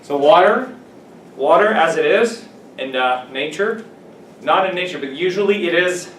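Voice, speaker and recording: Guy teaching english vocab, repeats words back at the class, kinda higher voice, roomy classroom, mic far off. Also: expressive, unhurried, fairly bright tone. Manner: explains words, then repeats and checks them with the class. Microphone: camera at a distance. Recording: echoey classroom from far off with faint hiss.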